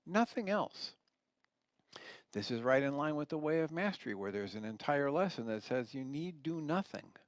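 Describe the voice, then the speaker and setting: A man's voice: a little high, sing-song, normal speed, no room sound. A man giving a radio teaching talk, reading passages from a book and explaining them in an earnest, reflective way.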